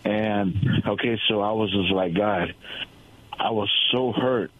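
A man's voice: lowish voice, slow, no room sound. A male caller sharing an earnest testimony over the phone, repeating words for emphasis. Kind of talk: call-in testimony. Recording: tinny phone line.

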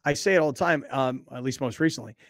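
A man's voice: fast talker, no echo, studio quality. A man hosting a sports talk show, chatting casually, reading a sponsor spot and telling a story with rising indignation. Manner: animated storyteller, gets louder and higher when indignant. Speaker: sports talk radio host. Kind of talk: casual sports chat and live ad read.

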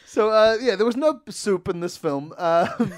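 A New man in his thirties with a fairly high voice, chatting casually as a podcast co-host. He tells stories playfully and laughs often. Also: lively intonation, unhurried. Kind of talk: casual chat.

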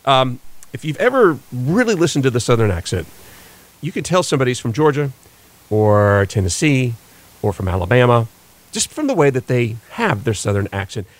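A man's voice: medium pitch, dry recording. A man hosting a radio morning show recap, explaining things in a casual way with plenty of fillers and restarts. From western United States.

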